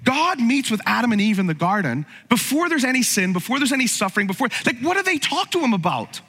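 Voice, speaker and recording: A man's voice: very high voice, very animated, fast, sharp tone, husky, big-room sound. A man preaching a sermon as pastor, conversational and humorous, with frequent asides to the congregation.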